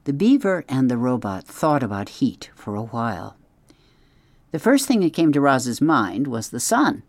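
Gentle audiobook narrator, dry sound. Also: medium pitch, sing-song, unhurried, no room sound.

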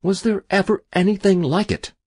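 Man reading as a posh old-school angler, loud exclamations, voice jumping all over, bit husky. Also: medium pitch, measured pace, dry recording, studio quality, heavily acted. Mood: delighted. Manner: exclamatory, upper-class, animated. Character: hearty English gentleman angler, growing exasperated.

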